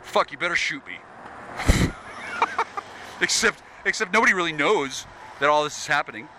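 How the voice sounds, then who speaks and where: A man's voice: on the high side, lively intonation, quick pace, noisy background. An American man in a profane, rambling rant. He sounds agitated, swears constantly and stumbles over restarts. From United States.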